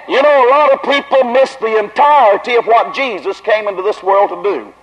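A man with a Southern accent preaching at a tent revival, drawing his words out slowly and then rising to loud emphasis. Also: sits high. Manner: slow, drawn-out delivery that builds to raised emphasis. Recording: dull lo-fi old recording.

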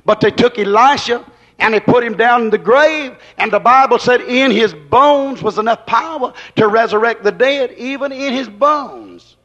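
A man preaching a fervent sermon, emphatic and repetitive, swinging between loud exclamations and hushed asides. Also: very high voice, normal speed. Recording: dull lo-fi recording.

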